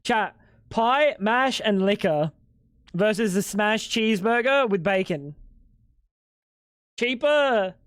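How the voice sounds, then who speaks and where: A man's voice: high-pitched, animated, takes it slowly, pauses often, fairly bright tone, clean tone, no room sound, clean studio sound. A young man streaming live at home, bantering with chat in a crude, joking way. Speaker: livestreamer.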